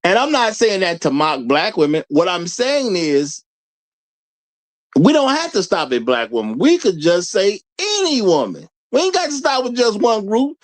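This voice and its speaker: Male live-stream host, casual and rhetorical, laughs a lot, animated intonation. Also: high voice, moderate pace. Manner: laughs often, repeats lines for emphasis; rhetorical, questions the audience. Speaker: show host.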